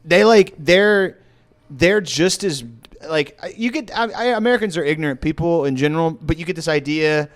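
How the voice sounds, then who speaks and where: A man from Texas hosts a loose comedy podcast, his voice sitting a touch higher than most. He tells long, wandering travel stories and drops into quick put-on voices whenever he quotes people. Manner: rambling storyteller, puts on voices for quotes. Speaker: podcast host. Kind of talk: casual comedy podcast chat.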